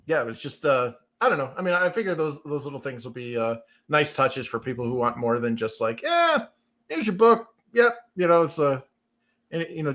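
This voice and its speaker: A man, a comic book author, chatting casually as a guest and laughing often. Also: mid-range voice. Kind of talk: casual chat.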